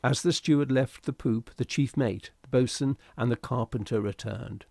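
Gravelly male audiobook narrator. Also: medium pitch, moderate pace, dark tone, dry recording, clean studio sound. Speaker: reader. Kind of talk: audiobook narration of a classic story.

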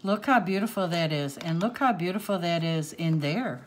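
An older woman with a lowish voice hosts a crafts vlog, opening gifts on camera at a moderate pace. She gushes, exclaims, and is easily moved during this casual unboxing, with slight background noise behind her.

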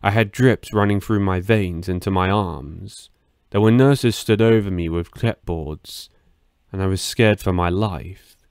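Gravelly low-voiced horror narrator. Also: male voice, no room sound, studio quality. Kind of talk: scripted first-person horror narration.

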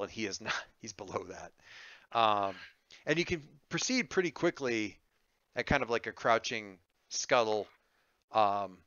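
Rambling bright-voiced male game master. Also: mid-range voice, clean tone, no room sound, dull audio. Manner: rambling, frequent ums and restarts, easygoing. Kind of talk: narrating a tabletop game.

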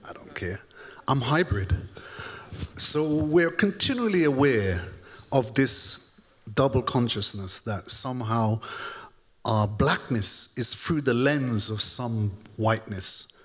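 A man speaks as a panelist, earnest and reflective. His pitch sits in an ordinary middle range. He lets his sentences trail off quietly. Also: expressive, takes it slowly. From United Kingdom. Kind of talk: panel discussion answer.

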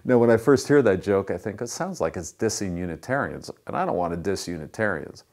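A man with a fairly low voice preaches a sermon. His tone is conversational and relaxed, and he works lighthearted jokes into his teaching. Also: fairly quick. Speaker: pastor.

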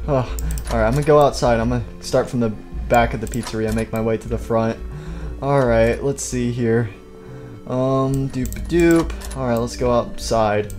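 A man's voice: medium pitch, moderate pace, darkish tone, soft background music. A man rambling to himself as he searches around during a game roleplay. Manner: rambling, talks to himself while playing. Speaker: roleplay creator and seeker.

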